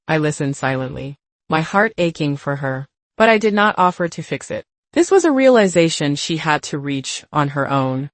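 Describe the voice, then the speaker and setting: An older woman narrating a first-person story in a measured, reflective way. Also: deep voice, sing-song, no echo.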